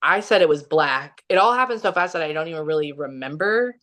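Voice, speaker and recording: A woman from Missouri telling a personal story as a podcast guest, animated and full of "like" fillers. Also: low voice, a little fast. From Kansas City, Missouri. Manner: animated, many "like" fillers, laughs often. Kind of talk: casual storytelling interview.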